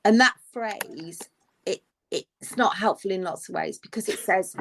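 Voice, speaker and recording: A middle-aged nurse co-hosts an advice podcast, speaking in a mid-range voice with vocal fry at a measured pace, against a noisy background. She chats casually as an animated storyteller, acting out the phrases she quotes.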